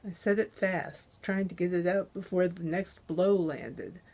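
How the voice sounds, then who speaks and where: Woman author, slow and deliberate reading of her crime novel, close on a dynamic mic. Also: fairly low pitch, a little mellow. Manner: measured, deliberate narration. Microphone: close handheld dynamic USB mic.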